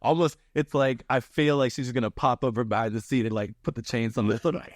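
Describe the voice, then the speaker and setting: A man co-hosting a podcast in casual chat, laughing often and acting out quoted lines in higher voices. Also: brisk, few pauses, no room sound, clean studio sound. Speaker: podcast co-host.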